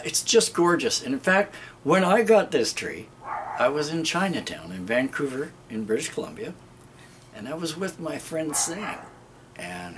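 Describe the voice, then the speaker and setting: A man's voice: medium pitch, noisy background. Chatty, rambling man showing his garden. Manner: rambling, chuckles often, addresses viewers as guys. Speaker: gardening video host. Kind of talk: casual show-and-tell vlog.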